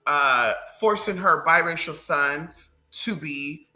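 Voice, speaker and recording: A livestream host ranting casually to viewers in a sassy, profane, animated way. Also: mid-range voice, slow, poor audio. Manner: animated storytelling.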